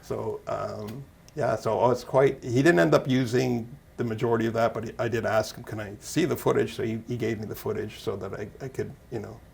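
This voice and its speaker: A man's voice: on the low side, fairly even intonation, fairly quick, creaky. A man talking casually as an interview guest, rambling and self-deprecating, laughing often. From Canada. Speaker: interview guest, actor and musician.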